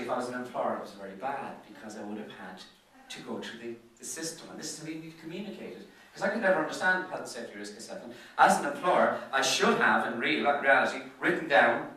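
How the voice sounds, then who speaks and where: An Irish man tells business anecdotes to a dinner crowd, talking fast with a bright, forceful tone. He often trips over repeated words as he goes. He sounds far from the microphone in a very echoey room. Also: mid-range voice. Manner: chatty storyteller who stutters on repeated words. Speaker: business speaker. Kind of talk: after-dinner business presentation. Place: function room at a golf club.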